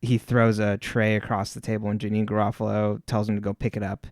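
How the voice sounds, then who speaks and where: A man's voice: lowish voice, monotone, a little fast, a little mellow, no room sound, clean studio sound. A man co-hosting a podcast in casual chat, rambling and laid-back, with lots of fillers. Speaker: podcast co-host.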